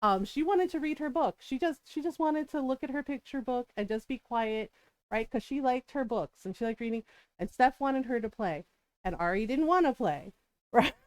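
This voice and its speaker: A middle-aged streamer and mother chats casually on her live stream, telling family-life stories in a high, expressive, slightly mellow voice at a moderate pace. She laughs often and keeps asking listeners "right?", sounding close and dry on the mic with no echo.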